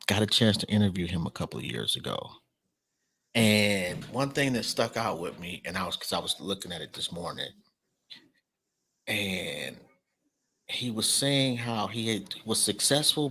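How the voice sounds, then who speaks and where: A man's voice: fairly low pitch, lively intonation, measured pace, bright, forceful tone, slightly rough. A middle-aged man hosting a casual podcast, laid-back and slangy, with bursts of laughter. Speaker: podcast host.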